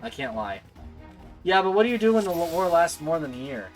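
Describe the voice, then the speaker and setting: A man's voice: fairly high pitch, sing-song, a little fast, soft background music. A man streaming a game, joking and playful, with asides to himself. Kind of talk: casual gameplay commentary.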